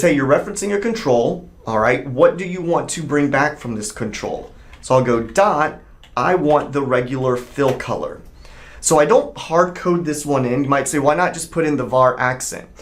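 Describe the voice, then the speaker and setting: A man teaching a screen-recorded software tutorial, explaining each step in a conversational way and thinking aloud as he works. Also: a little high, slight background noise.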